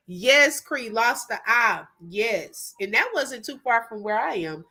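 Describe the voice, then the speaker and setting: A woman's voice: fairly high pitch, lively intonation, takes it slowly, sharp tone, breathy edge. A middle-aged woman, hosting a casual livestream, chatting animatedly, laughing often and greeting viewers. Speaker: livestream host. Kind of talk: casual live-stream chat.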